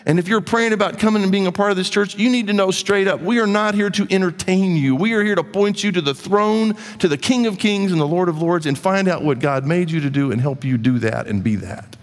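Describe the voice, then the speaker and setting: Emphatic high-voiced man preaching. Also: a little fast, hardly any pauses, big-room sound. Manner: emphatic preaching, shifting from soft asides to raised urgency. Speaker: pastor. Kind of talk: sermon.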